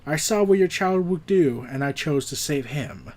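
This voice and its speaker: A man voicing a calm, detached godlike male superbeing from a comic, speaking low, quiet and measured. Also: natural voice.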